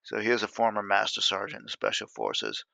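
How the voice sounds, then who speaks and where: A man in his fifties, an Army veteran guest, telling war stories in a casual, animated and profane way. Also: on the low side, fairly quick, vocal fry, dry recording. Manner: animated, profane, laughs often. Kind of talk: casual storytelling in an interview. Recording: dry, dull lo-fi sound.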